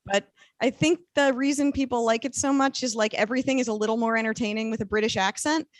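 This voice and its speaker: High-voiced deadpan woman comedian. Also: fast, no echo. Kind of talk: stand-up set on a video call. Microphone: video call.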